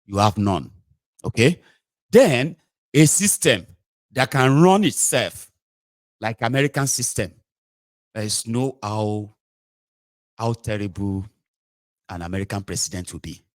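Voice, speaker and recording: A man's voice: lowish voice, animated, unhurried, long pauses, no room sound, studio quality. A Nigerian man giving mocking political commentary, switching between a plain talking voice and mocking voices for quotes. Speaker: commentary host.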